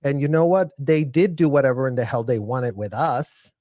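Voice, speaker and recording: A man speaks with passion on a live video call, his mid-pitched voice dry and close. He is emphatic and slows down to stress his key words. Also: expressive, darkish tone, dry recording. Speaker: guest on live stream. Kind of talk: casual chat, impassioned commentary.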